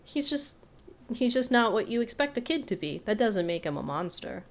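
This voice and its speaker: A woman's voice: fairly high pitch, sing-song, moderate pace. A young woman co-hosting a podcast in casual chat, easygoing and asking questions. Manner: easygoing, asks questions, laughs often. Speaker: podcast co-host.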